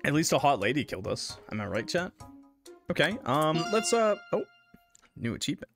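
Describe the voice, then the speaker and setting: A male streamer jokes with his chat while playing, with a lively voice that jumps up and down in pitch. Faint game music runs under his voice. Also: a little fast. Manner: playful, jokey, reads game text aloud. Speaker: gaming streamer. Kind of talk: casual let's-play commentary.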